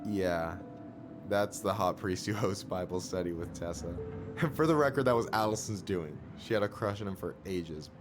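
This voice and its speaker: A man voicing a relaxed young shopkeeper who teases his friend. His voice sits a little low, with clear game music playing behind. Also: moderate pace, close to an everyday voice. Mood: teasing. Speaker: game character. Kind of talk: video game voice acting.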